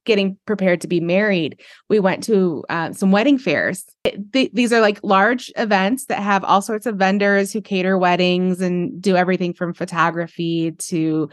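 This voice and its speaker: A woman hosting a podcast, talking in a relaxed, friendly way in casual interview chat. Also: on the low side, dry recording, clean studio sound. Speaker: podcast host.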